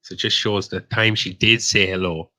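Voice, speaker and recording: With a lowish voice, a steady tone and a sharp edge, an Irish man speaks at normal speed. He co-hosts a live online stream panel, teasing and rambling in profane, casual banter.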